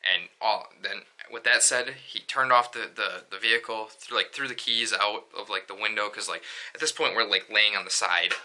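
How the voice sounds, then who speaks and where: A man's voice: on the low side, fairly even intonation, moderate pace, few pauses, bright, forceful tone. A young man telling a story in a casual vlog, rambling with many fillers and restarts. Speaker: vlogger.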